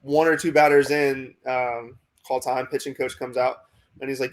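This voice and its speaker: A pitching prospect in his twenties tells a long story in a casual interview at normal speed, his pitch barely moving. He rambles with lots of "like" and "you know," acting out what his coaches said as dialogue.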